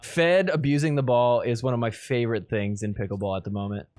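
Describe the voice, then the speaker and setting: A man's voice: mid-range voice, fairly even intonation, a little fast, darkish tone. A man hosting a podcast, giving casual commentary over match clips, laughing often and mock-quoting the players.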